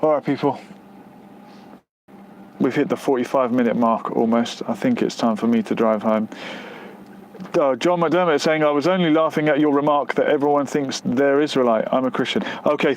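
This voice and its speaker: With a mid-range voice and fairly even intonation, a man talks at a moderate pace against slight background noise. He hosts a casual live stream near the outskirts of West London, reading viewer comments and responding in a rambling, halting way with frequent fillers and restarts.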